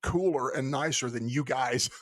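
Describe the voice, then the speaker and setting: A man's voice: medium pitch, moderate pace, fairly bright tone, no room sound. Male co-host from the American South, rambling and laughing, on a dry close mic. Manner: chatty, rambling, restarts, laughs a lot. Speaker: podcast co-host. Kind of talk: casual podcast chat.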